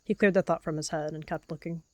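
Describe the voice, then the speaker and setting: A woman calmly narrating a game role-play as a story. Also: deep voice, fast, no echo.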